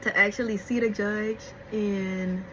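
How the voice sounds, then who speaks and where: A young adult woman vlogger telling a story-time in casual, animated chat, talking straight to her viewers. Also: medium pitch, unhurried, slight background noise, low-quality recording. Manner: animated, chatty, addresses viewers as y'all.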